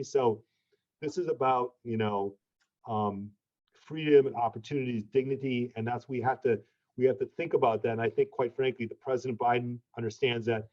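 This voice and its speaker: A man's voice: medium pitch, steady tone, moderate pace, a little mellow. Guy talking frank and casual on a webinar, lots of restarts, muffled audio. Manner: blunt, informal, restarts often, says "okay?". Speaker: ambassador guest. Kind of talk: candid webinar conversation.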